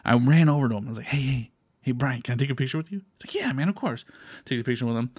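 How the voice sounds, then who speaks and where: A man's voice: medium pitch, lively intonation, rapid-fire, a little mellow, breathy edge, dry recording. A man from Texas co-hosting a podcast, telling a story in casual chat, swearing freely and acting out quoted voices. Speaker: podcast co-host.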